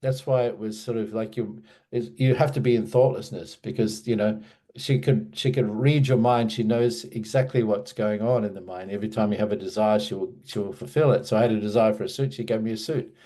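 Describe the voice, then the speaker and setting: A man's voice: on the low side, fairly even intonation, a little fast, mellow. A man casually telling a personal memory in an interview, hesitant, with many restarts and fillers. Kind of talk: casual storytelling.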